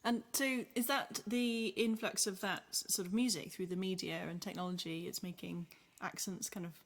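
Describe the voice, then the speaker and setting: A woman's voice: medium pitch, steady tone, normal speed. A woman hosting a podcast discussion, conversational and with frequent listening noises. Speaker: podcast host.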